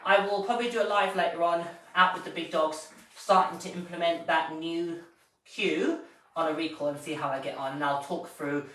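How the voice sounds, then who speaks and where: A man's voice: fairly high pitch, fairly even intonation, moderate pace, a bit bright. A man, a dog trainer, explaining his methods in a live-streamed training session and stopping to praise a puppy. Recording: roomy, distant from the mic, faint noise.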